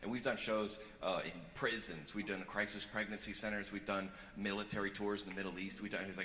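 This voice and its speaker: A man's voice: fairly low pitch, fairly even intonation, quick pace, few pauses, bright, forceful tone. A male stand-up comedian on a theater stage, talking in a rambling, confessional, self-mocking way. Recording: echoey hall with crowd noise.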